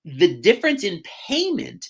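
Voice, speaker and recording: Animated, storytelling man from upstate New York. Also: high-pitched, moderate pace, husky. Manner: animated storyteller with frequent restarts. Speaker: real estate agent, podcast guest. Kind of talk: casual chat.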